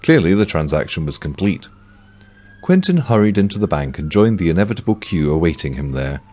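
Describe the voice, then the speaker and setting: A man's voice: deep voice, very animated, a little fast, warm tone. A man narrating a comic novel with a dry, wry delivery. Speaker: audiobook narrator.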